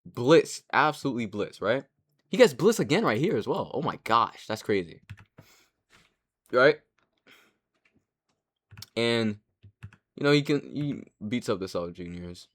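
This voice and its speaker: A young man giving casual commentary, rambling and excitable, with frequent restarts and casual swearing. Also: medium pitch, a little slow, long pauses. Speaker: anime commentary creator.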